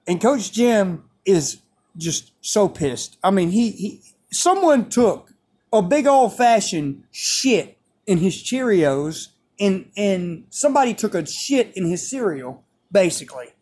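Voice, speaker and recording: Lively young man telling a story. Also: high voice, slow. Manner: animated, profane, repeats himself. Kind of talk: casual storytime.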